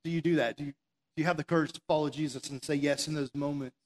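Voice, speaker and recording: A man preaching a sermon from a stage, energetic and conversational, full of rhetorical questions and the word "like". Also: a little high, fast talker. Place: stage before an audience.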